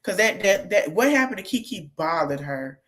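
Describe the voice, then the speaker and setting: A woman's voice: medium pitch, very animated, normal speed, fairly bright tone. A woman hosting a podcast, retelling a reality-show argument in casual chat and quoting each person in turn. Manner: retells a scene in quotes, chatty and candid. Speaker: podcast host recapping reality TV. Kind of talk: casual recap monologue.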